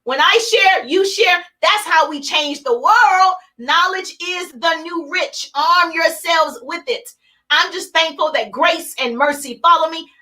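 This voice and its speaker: A woman's voice: extremely high pitch, animated, unhurried, bright, forceful tone. A woman hosting a live motivational business broadcast, talking emphatically and energetically in punchy, repeated phrases. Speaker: host of a business coaching broadcast.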